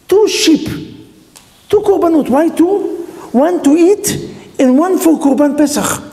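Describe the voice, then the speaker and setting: A rabbi teaches a Torah class in lively storytelling fashion, firing questions at his listeners. He speaks non-native English sprinkled with Hebrew terms, in a warm, dark-toned voice. A long hall reverb trails his words. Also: extremely high pitch. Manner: animated storytelling, quizzing the audience with questions. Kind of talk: Torah lesson.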